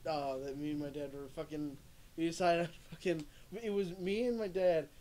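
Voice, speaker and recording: A young man chats loosely on a stream, his voice sitting a bit high for a man. He rambles through stories, swears freely and breaks into laughter. A faint hiss runs under the recording. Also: fairly even intonation, normal speed, a little mellow. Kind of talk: casual chat. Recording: faint background noise.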